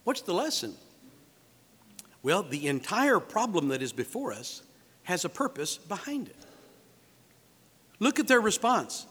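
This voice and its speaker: Animated preacher in a reverberant hall. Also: male voice, sits high, unhurried, long pauses, husky. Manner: animated preaching, acts out quoted voices, rhetorical questions. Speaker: pastor. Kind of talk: sermon.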